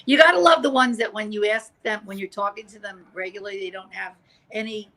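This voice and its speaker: A woman's voice: mid-range voice, brisk, pushed and bright, poor audio. A woman comedian on a video call, joking and wisecracking in a casual chat. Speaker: comedian guest.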